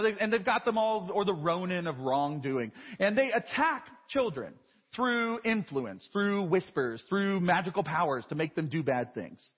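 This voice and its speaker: A male preacher in his thirties with a high, lively voice that has a husky edge, delivering a conversational, self-deprecating sermon. His voice carries a long reverb from a large church. The live broadcast sound is dull and muffled.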